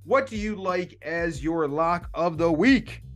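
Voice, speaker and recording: A man's voice: a little high, animated, slow, faint music behind. Chatty man hosting a betting podcast. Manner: chatty, laughs often, jokey. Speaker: podcast host. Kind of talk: casual sports betting chat.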